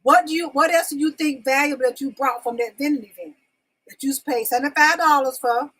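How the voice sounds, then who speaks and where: A woman's voice: high-pitched, brisk, a bit bright, rough recording. A woman hosting her own live-stream talk show, chatting casually with viewers and coaxing them to answer in the comments, repeating her questions. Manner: folksy, addresses viewers as y'all and babies.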